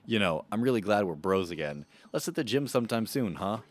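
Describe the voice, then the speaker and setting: A man's voice: on the low side, expressive, fairly quick, lightly acted. A man voicing a laid-back male bro dad in a video game with a surfer-bro drawl. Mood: chill.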